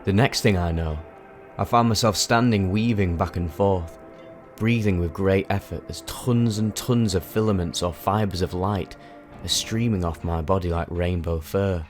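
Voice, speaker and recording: Low-voiced man telling an intense story. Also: a little slow, soft background music. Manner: intense, vivid, emphatic. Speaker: narrator. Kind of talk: dramatic first-person storytelling.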